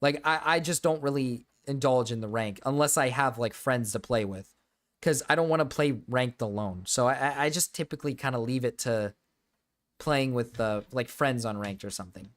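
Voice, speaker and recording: A man's voice: mid-range voice, moderate pace, a bit bright. A young man streaming, chatting casually to his viewers, rambling and swearing with frequent restarts.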